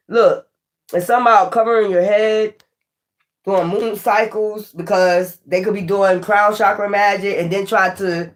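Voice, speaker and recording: A woman doing a casual tarot reading, animated and profane, laughing often and talking straight to the viewer. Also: mid-range voice. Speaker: tarot reader.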